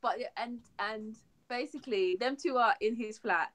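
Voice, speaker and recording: A young woman co-hosting a geek podcast, chatting excitedly and laughing often. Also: on the high side, normal speed. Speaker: podcast co-host. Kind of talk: casual geek chat.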